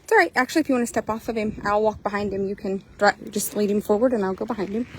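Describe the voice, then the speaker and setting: Over slight background noise and poor audio, a woman with a mid-range voice races through a casual sales walkthrough of a horse at an outdoor trail course. As the seller and trainer, she keeps things chatty and upbeat. The heat has her hot and a little breathless.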